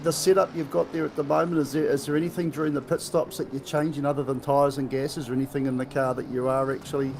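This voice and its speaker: A man's voice: medium pitch, little pitch movement, fast, creaky, hardly any pauses, background noise. A man with a New Zealand accent commentating a live sim race, chatty and joking, with lots of fillers and restarts.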